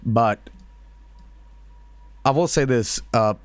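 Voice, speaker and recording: A man's voice: mid-range voice, slow pace, smooth, dry recording. Dry-sounding man chatting on stream. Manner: laughing, swearing, rambling with fillers. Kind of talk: casual live-stream commentary.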